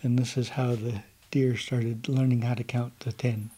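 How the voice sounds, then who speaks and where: A calm, laid-back young man from the United States, telling a traditional story to a gathering. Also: medium pitch, normal speed, husky.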